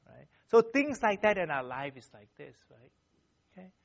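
A man's voice: high-pitched, big pitch swings, moderate pace, creaky. A man giving a sermon through personal stories, earnestly and animatedly, tagging almost every sentence with a questioning "right?". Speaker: church speaker. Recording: dull, lo-fi sound.

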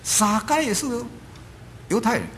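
Animated high-pitched male preacher. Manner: lively, emphatic preaching with drawn-out stresses. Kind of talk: sermon with interpreter.

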